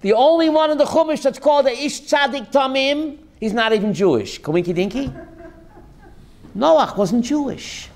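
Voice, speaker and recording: A man, a rabbi, giving a lively Torah class, calling on listeners by name and slipping in Yiddish and Hebrew words. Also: very high-pitched, normal speed, a little hiss or hum. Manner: lively, addresses listeners by name, jokey asides; mixes Yiddish and Hebrew terms. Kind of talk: animated Torah class to a live group.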